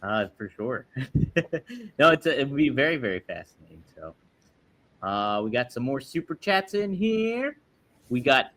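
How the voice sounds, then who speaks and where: Upbeat male co-host, bright forward tone, reads chats and plugs merch, laughs easily. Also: medium pitch, big pitch swings, a little slow, pauses often. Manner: upbeat, agreeable, laughs often. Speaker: podcast co-host. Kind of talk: casual chat, reading super chats.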